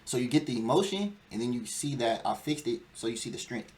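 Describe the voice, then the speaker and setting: A man's voice: medium pitch, lively intonation, fairly quick, a little mellow. Emphatic young man lecturing casually. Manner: emphatic, lecturing, acts out quoted whining. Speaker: podcast host. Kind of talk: casual chat.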